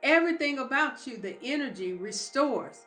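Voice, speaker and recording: A woman's voice: high voice, lively intonation, normal speed, fairly bright tone, soft background music. Female motivational speaker, emphatic and preacher-like; roomy recording. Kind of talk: live motivational talk.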